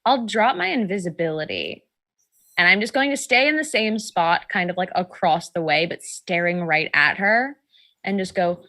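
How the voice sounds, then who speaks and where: Woman, tabletop player, in character, sassy, deliberate. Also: fairly low pitch, expressive, sharp tone.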